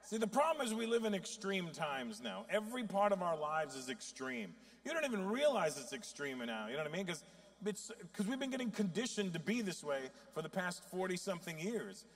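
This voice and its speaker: Animated man doing stand-up, high lively voice. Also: fairly quick. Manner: animated, swings into loud high outbursts; profane storytelling. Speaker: stand-up comedian. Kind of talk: stand-up comedy.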